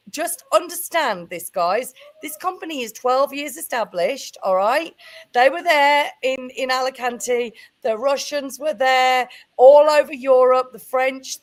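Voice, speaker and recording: A woman from Canada, the guest in a casual chat, talking in an excitable, rambling way with many fillers. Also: high voice. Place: livestream.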